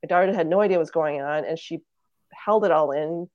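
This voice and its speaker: A woman's voice: sits low, brisk, a little mellow, dry recording, highs cut off. A woman in her thirties, a podcast guest, earnestly telling a family story in casual conversation and acting out what relatives said. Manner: earnest storytelling, acts out quoted family members.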